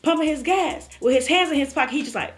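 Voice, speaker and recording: A woman's voice: high-pitched, fast, soft background music. A woman vlogger telling a personal story in a casual way, acting out her own cries and other people's lines. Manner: animated, acts out her own cries and quotes.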